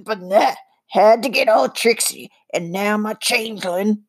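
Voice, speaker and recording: A woman voicing a scrappy, sharp-toothed male goblin thief who talks in a rough, folksy dialect. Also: mid-range voice, a little slow. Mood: angry.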